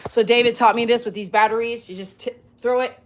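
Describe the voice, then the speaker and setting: A woman's voice: a little high, steady tone, a little fast. A woman from St. chatting casually in a home vlog, talking to her dogs and laughing easily, recorded on a phone. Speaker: dog groomer and vlogger. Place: home and backyard in winter.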